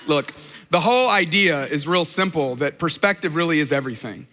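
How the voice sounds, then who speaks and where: Bright-voiced pastor in a reverberant church. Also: male voice, on the high side, expressive, moderate pace, a little hiss or hum. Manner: conversational storytelling, asks the crowd questions. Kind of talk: sermon. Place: large church auditorium.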